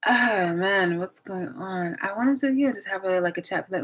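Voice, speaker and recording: A woman's voice: mid-range voice, fast, few pauses, fairly bright tone, a little hiss or hum, poor audio. A young woman chatting casually on a live stream, rambling with many fillers and restarts. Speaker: vlogger waiting for live chat.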